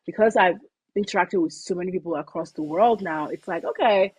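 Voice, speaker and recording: A young woman from Nigeria, chatting as an interview guest, talking in a lively way with lots of "like"s. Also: lowish voice, brisk, slightly rough, dry recording, rough recording. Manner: chatty, animated, filler-heavy with many "like"s. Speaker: guest, company founder. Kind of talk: casual interview conversation.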